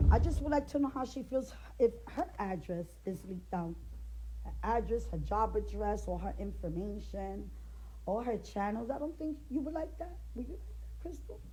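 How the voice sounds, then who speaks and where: A woman's voice: a little high, mellow, poor audio. A middle-aged woman, a grandmother, ranting straight to the camera with indignant, confrontational rhetorical questions. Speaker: grandmother speaking out in a family feud. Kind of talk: direct-to-camera rant.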